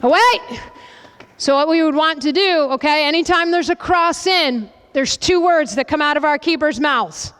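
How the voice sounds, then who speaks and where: A woman soccer coach leading a goalkeeping demonstration with players, brisk and directive, checking in with a constant "okay?" and loudly calling out commands. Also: high-pitched. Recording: reverberant hall, voice from a distance.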